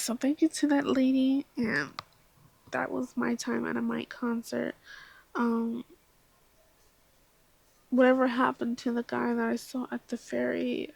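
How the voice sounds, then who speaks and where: A young woman vlogger telling a rambling, self-deprecating story in casual chat, a little tipsy, with laughs and soft whispered asides. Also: on the high side, fairly even intonation, moderate pace, vocal fry, dry recording.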